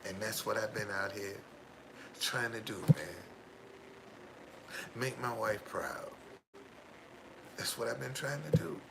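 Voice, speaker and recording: A man's voice: on the low side, slow, creaky, pauses often, very noisy. A man telling his own life story in an emphatic way, repeating his key phrases for weight. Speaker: driver. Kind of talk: personal storytelling monologue.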